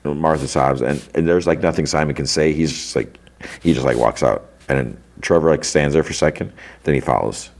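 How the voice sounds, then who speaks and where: A man's voice: very deep voice, brisk, gravelly, darkish tone. A man hosting a podcast, chatting casually in a rambling way, full of fillers and "like". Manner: rambling, filler-heavy, lots of "like". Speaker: podcast host. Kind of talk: casual recap chat.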